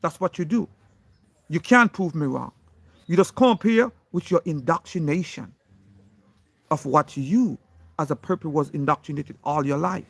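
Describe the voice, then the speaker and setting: A man with a fairly high, gravelly, slightly bright voice lectures an unseen critic in an emphatic, preachy monologue, hitting individual words hard. He speaks at normal speed, pausing often, with no echo.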